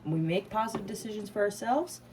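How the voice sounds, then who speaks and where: A medium-pitched woman talks at a quick pace over background noise while giving a casual tarot reading to camera. The reader is emphatic and swears freely, laughing and getting emotional along the way.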